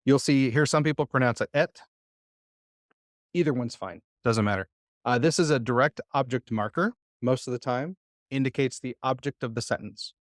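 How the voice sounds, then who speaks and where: A man's voice: medium pitch, normal speed, no room sound, studio quality. A man teaching a live Hebrew lesson to a church class, patient and full of "uh" fillers as he quizzes his students.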